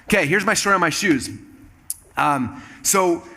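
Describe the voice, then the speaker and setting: A man speaking on stage to a live audience, telling a lively personal story and acting out the other people's lines. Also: high-pitched, moderate pace. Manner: animated, acts out quoted dialogue in shifting voices. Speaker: keynote speaker.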